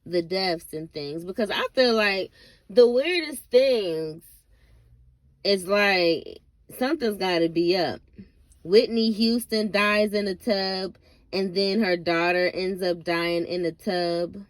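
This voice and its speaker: A woman's voice: medium pitch, slow, dry recording. A woman vlogger ranting casually to camera, blunt and profane, rambling with lots of fillers and asides.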